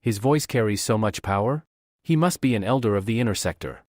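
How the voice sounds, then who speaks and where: A man's voice: on the low side, animated, a little fast, a little mellow, no echo, studio quality. A man narrating a comic recap in a dramatic storytelling manner.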